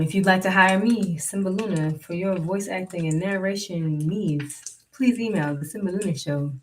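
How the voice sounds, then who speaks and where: Slow, wry folk-tale narrator. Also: medium pitch, distant mic, a little hiss or hum. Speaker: narrator and podcast host. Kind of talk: storytelling read-aloud.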